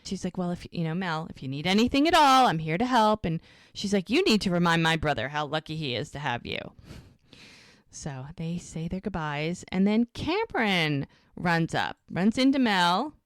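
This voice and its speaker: A woman's voice: on the low side, normal speed, no room sound. Woman on a rewatch podcast, chatty recap, does the characters' lines, dry close sound. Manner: animated retelling, acting out characters' lines. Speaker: podcast co-host.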